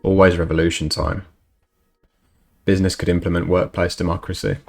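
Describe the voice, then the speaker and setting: A man's voice: low-pitched, level tone, brisk, gravelly. A man hosting a live stream, chatting with viewers and reading news while putting on an exaggerated mock Russian accent. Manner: chatty, talks to viewers in chat. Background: faint background music.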